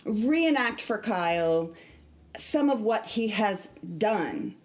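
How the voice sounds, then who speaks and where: Lively, unhurried woman theatre director. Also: mid-range voice. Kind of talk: casual podcast chat.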